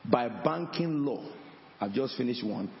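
A man preaching with a gravelly, rough edge to his voice. He tells stories in a sermon, acting out the voices and repeating words as he goes. The sound is dull and rings with a long hall echo. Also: medium pitch, expressive, unhurried, slight background noise. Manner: storytelling preacher, acts out dialogue, repeats words. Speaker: apostle, preacher. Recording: dull, echoey hall with faint ambience.

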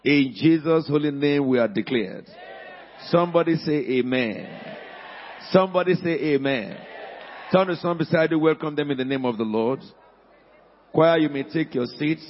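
A man preaching a sermon as pastor, calling on the congregation and rising to shouts. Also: a little high, normal speed, long reverb tail, muffled recording, slight background noise. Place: church hall.

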